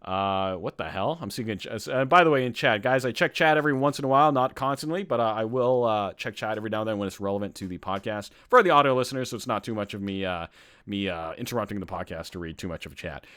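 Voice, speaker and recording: A man hosting a live-streamed podcast in casual chat, excitable and reacting loudly while he reads a list aloud, hungry. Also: on the low side, quick pace, clear, resonant tone. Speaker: podcast host.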